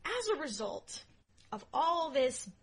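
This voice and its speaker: A woman co-hosting a casual history podcast, telling the story playfully with jokes and loud asides. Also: high-pitched, very animated, slow, rough recording. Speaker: podcast co-host.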